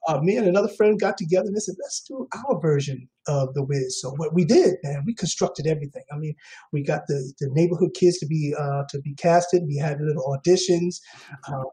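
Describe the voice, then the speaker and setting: A man's voice: fairly high pitch, brisk, warm tone, poor audio. A man, a guest actor, telling his story in a rambling way with many fillers and restarts. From Queens, New York. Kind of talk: casual interview talk.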